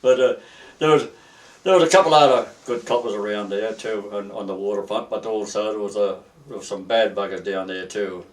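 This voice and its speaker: An older Australian man, a retired seaman, telling stories in a rambling, halting way with many restarts during an oral history interview. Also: on the low side, far from the mic.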